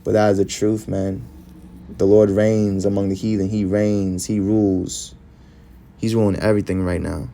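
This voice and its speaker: A man's voice: lowish voice, flat delivery, normal speed, creaky, dark tone, a little hiss or hum. A man preaching, reading scripture verses aloud and following each with short, emphatic comments.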